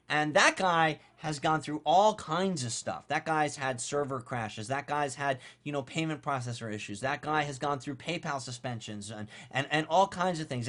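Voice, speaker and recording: Blunt, animated man giving marketing advice. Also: on the high side. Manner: animated, blunt and conversational, with casual swearing. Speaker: online marketing coach. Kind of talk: casual advice monologue.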